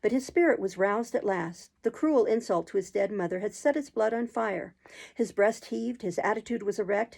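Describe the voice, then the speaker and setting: A woman narrating a classic novel aloud, expressive, now and then clearing her throat. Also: mid-range voice, low-quality recording.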